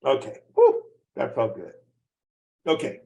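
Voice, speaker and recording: A man's voice: medium pitch, huge pitch swings, unhurried, creaky, dark tone, dull audio. A man in his seventies leading a team training over a video call, folksy and repetitive, often checking that the audience follows him. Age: 70s. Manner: folksy, repeats points, asks the audience questions.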